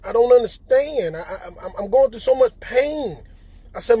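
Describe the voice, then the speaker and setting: Husky-voiced man, halting testimony. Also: high voice, darkish tone, no echo, rough recording. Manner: halting, repeats words, addresses listeners as y'all. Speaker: coronavirus survivor. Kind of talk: emotional personal testimony.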